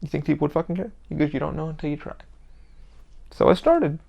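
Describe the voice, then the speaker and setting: A man's voice: fairly high pitch, expressive, fast, creaky, lo-fi sound. A man hosting his own podcast, talking in a heated, rambling monologue with constant swearing. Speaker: podcast host. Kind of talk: casual monologue.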